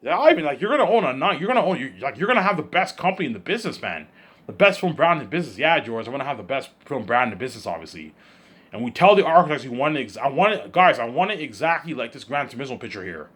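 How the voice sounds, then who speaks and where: A man's voice: mid-range voice, sing-song, quick pace, a bit bright, breathy edge. A man vlogging in a rambling solo monologue, repeating himself and restarting sentences as he daydreams aloud.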